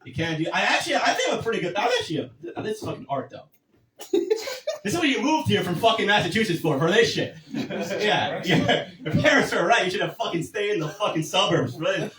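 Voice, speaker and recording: A man's voice: sits high, expressive, fairly quick, reverberant, distant mic, a crowd in the background, low-quality recording. A man doing a stand-up set, crude and self-deprecating, rambling with lots of fillers. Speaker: stand-up comedian. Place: comedy club stage.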